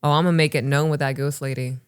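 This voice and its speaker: A woman in her thirties co-hosting a podcast, reading listener stories and chatting casually, animated and swearing freely. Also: very deep voice, very fast, clean tone. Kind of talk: casual chat and story reading.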